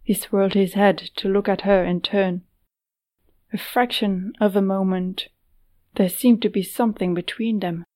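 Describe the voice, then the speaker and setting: A woman narrating a fantasy audiobook in a measured, steady way. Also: mid-range voice.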